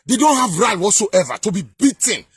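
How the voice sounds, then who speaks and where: A man delivering heated political commentary in a vlog, emphatic and sing-song, often breaking into shouts. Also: sits high, sing-song, fairly quick, husky, no echo, clean studio sound.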